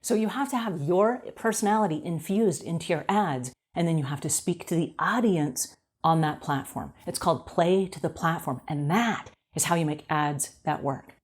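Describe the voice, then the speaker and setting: A woman's voice: lowish voice, moderate pace, slightly rough. A woman who coaches cleaning businesses, giving casual advice in a chatty, conversational way, often checking in with "right?". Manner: acts out quoted voices on the fly. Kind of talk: casual advice talk to camera.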